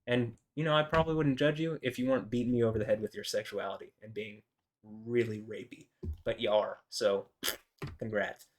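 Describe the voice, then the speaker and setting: Guy ranting in a vlog, kinda low voice, lots of likes and ums, indignant. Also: fairly even intonation, brisk. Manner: rambling, indignant, full of filler words. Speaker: video host. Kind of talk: rambling solo commentary.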